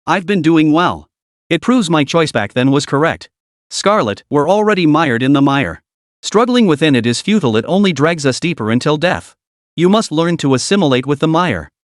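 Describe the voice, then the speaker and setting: A man voicing a cold, scheming male cult messenger in an animated story recap, speaking calmly and in a measured way. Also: on the high side, no echo, clean studio sound, close to an everyday voice. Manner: calm, measured, preaching.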